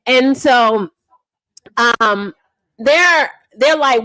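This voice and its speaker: A woman, a mother, chatting casually as she recaps online drama in an animated, repetitive, slangy way. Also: high-pitched, moderate pace, no room sound. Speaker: livestream drama commentator.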